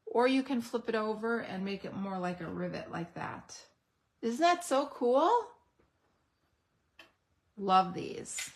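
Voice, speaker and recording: A woman hosting a craft unboxing video. She gushes over each item and pauses to think aloud when she needs a word. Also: fairly high pitch, noisy background. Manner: enthusiastic, gushing over products. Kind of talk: unboxing product demo.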